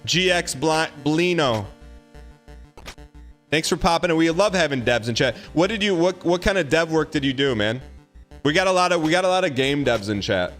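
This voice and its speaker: A man's voice: on the high side, animated, moderate pace, a bit bright, soft background music. A man hosting a live game stream, chatting casually and repeating phrases as he talks straight to his viewers. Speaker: live-streaming gamer host. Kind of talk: casual live-stream chat while gaming.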